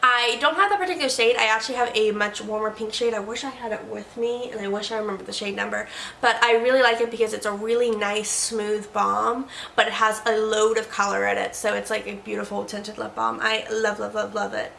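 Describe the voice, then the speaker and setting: A woman's voice: medium pitch, fairly even intonation, a little fast, gravelly, sharp tone, roomy sound, a little hiss or hum. A woman hosting a casual beauty review vlog from her desk at home, chatting along and tripping over words now and then. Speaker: beauty vlogger host. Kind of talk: casual product review chat.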